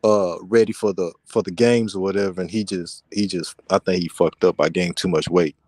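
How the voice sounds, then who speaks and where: A man with a fairly low voice chats casually about basketball in a laid-back, slangy way, calling everyone bro. The sound is dry and close, with no room around it. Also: fairly even intonation, fairly quick, a little mellow, slightly rough, no room sound.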